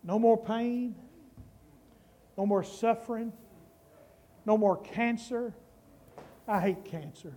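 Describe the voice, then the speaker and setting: A man preaching a sermon, slow and emphatic, building up to shouts. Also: high-pitched. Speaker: pastor.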